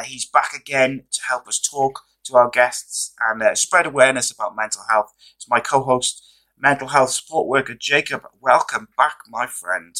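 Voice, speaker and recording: A man hosting a casual podcast interview, relaxed and chatty with many fillers, his voice going hoarse. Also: mid-range voice, rough recording. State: losing his voice. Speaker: podcast host.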